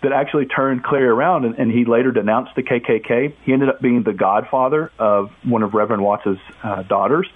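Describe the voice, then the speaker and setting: A man tells a story at a brisk clip as a guest on a radio talk show, lively and acting out what people said. His voice comes through a thin, tinny phone line. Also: medium pitch. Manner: animated storyteller, acts out quotes. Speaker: author and guest. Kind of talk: casual radio interview storytelling.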